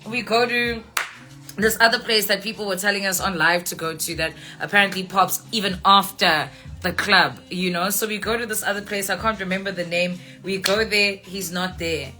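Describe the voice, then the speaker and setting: A South African woman hosting a phone live stream tells a story casually over soft background music, her medium-pitched voice sharp in tone and moderately paced. She swears freely and acts out her friends' lines, all captured on a phone mic.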